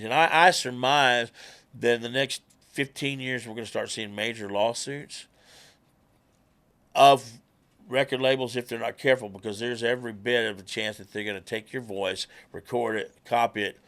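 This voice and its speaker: A man, a musician guest telling stories in casual talk, animated and swearing freely. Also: mid-range voice, normal speed. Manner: animated, swears freely, acts out quoted people. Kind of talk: casual conversational storytelling.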